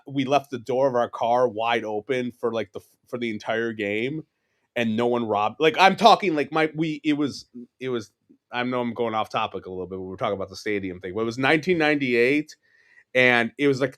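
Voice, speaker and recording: New york guy in his 40s, rambly storyteller, swears a lot, laughs mid-sentence. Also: medium pitch. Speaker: podcast guest. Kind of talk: casual chat.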